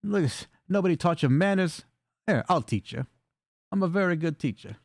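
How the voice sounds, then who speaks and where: A man's voice: fairly high pitch, animated, moderate pace, vocal fry, dry recording, clean studio sound, pitched above the performer's own voice. A man doing a swaggering, rude hobgoblin thug. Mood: taunting. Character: brash male hobgoblin thug.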